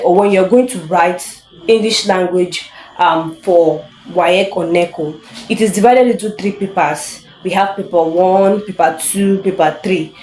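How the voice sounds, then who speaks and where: A woman teaching English in a casual online lesson, chatty, laughing often and reading examples slowly for emphasis. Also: lowish voice, a little mellow. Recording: echoey room.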